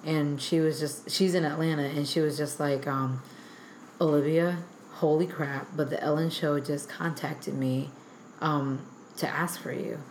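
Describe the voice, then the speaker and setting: A young woman guest telling a story in a rambling, animated way, full of filler words. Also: low voice, unhurried, a little hiss or hum. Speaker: guest artist. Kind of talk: animated storytelling in casual chat. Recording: echoey room.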